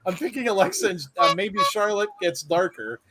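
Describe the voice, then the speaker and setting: A male podcast co-host with a slightly raised pitch, chatting casually and reacting to comments with loud exclamations. He reads listener messages aloud between reactions. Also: expressive, a little fast, heavy background noise. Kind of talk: casual chat.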